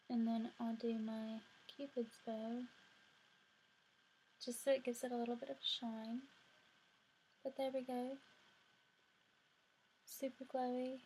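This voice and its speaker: A woman's voice: a little high, darkish tone, slight background noise. A young woman, chatting casually through a makeup tutorial and saying "y'all" a lot. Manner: chatty, rambling, says "y'all" often. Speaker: beauty vlogger.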